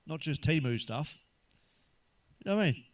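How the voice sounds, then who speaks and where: A man's voice: a little high, lively intonation, normal speed. A man delivering a crude stand-up monologue, swearing freely and talking straight to the listener. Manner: swearing, chatty, addresses listener directly. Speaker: stand-up comedian.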